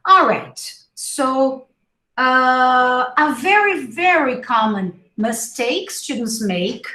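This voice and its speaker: A woman's voice: high voice, lively intonation, takes it slowly, sharp tone. A woman teaching English pronunciation in a live class, saying each word several times and coaching her students. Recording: echoey room.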